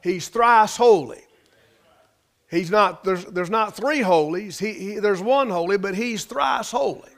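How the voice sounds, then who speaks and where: Slow-preaching man with a higher voice. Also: a bit bright. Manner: preaching with repetition and rising emphasis, sometimes folksy grammar. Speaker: pastor. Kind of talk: sermon.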